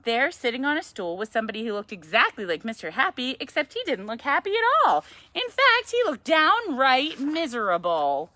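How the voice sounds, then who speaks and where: A woman's voice: high voice, sing-song, normal speed, few pauses, bright, forceful tone, no echo. A woman reading a picture book to a child at storytime, playful and chatty, with asides and questions. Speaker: yoga teacher reading to a child.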